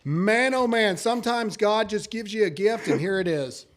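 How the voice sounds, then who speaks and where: A man hosting a casual political commentary show, animated and quick to laugh, often repeating words as he gets going. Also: high voice. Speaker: podcast host.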